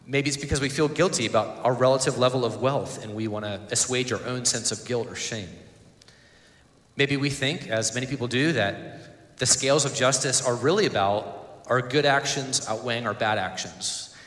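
A male pastor preaching a sermon in an earnest way, pausing and repeating words as he goes. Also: medium pitch, fairly bright tone. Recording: echoey church hall.

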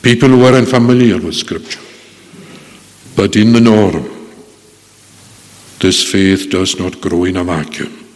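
A man's voice: low-pitched, measured pace, long pauses, a little mellow. A man preaching a sermon with earnest pleading that swells and drops. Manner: earnest pleading, rising and falling. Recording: long echo of a hall.

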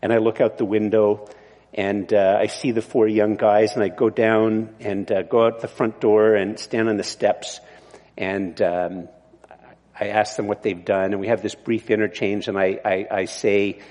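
A man's voice: fairly low pitch, flat delivery, unhurried, a little mellow, in a large hall. A male pastor giving a sermon in a conversational, digressive way, often restarting his sentences. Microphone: mic on the body.

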